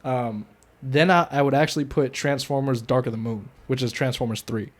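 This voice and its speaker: Young male podcast co-host, loose and profane, bursts of loud excitement over a mid-pitched voice. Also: moderate pace. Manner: loose and profane, gets loud when worked up. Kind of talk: casual movie review chat.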